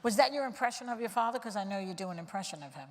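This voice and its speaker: A woman's voice: medium pitch, expressive, rapid-fire, big-room sound. A woman hosting a casual interview, teasing her guest and reading out audience questions. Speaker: talk host interviewer.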